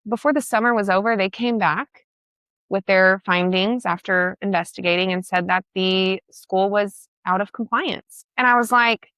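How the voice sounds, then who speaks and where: A woman tells her story with blunt, emotional emphasis and the odd swear word. Her voice is bright and forceful. The sound is close and dry, with no room in it. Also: medium pitch, moderate pace, clear, resonant tone, dry recording. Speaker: guest. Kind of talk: personal storytelling in conversation.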